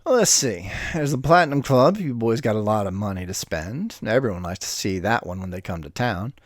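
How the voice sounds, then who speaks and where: Man reading middle-aged cab driver, gritty, charming, streetwise, easygoing, lively pitch. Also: brisk, no room sound, clean studio sound.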